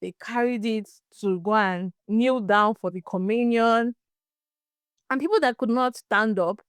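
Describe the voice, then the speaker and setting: A young woman from Nigeria with a Nigerian accent, hosting a podcast and telling a story in casual, animated chat. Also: medium pitch, smooth, no room sound, studio quality. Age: young adult. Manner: animated, laughs and restarts often. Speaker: podcast host.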